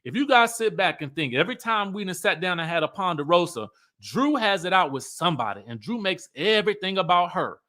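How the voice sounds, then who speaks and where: A chatty man gives a casual commentary recapping a reality show. His voice sits high and sounds bright and forceful. He is animated throughout and keeps acting out the quotes. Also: fairly quick, hardly any pauses. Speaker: YouTube host.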